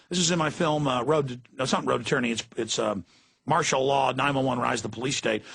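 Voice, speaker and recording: A man's voice: medium pitch, brisk, creaky, a bit bright, slightly rough. A middle-aged man hosting political talk radio, ranting in a fiery, emphatic way. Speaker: radio talk show host.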